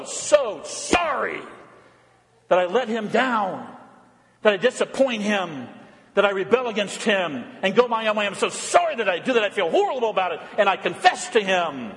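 A man's voice: a little high, big-room sound. A man preaching a Lent sermon, earnest and pleading, sometimes putting on mocking quoted voices. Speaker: pastor.

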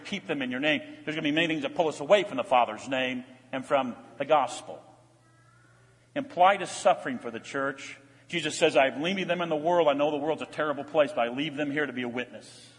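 An older male pastor preaches with earnest, swelling emphasis. His voice sits high for a man, and it rings out with a long reverb through the church sanctuary. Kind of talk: sermon.

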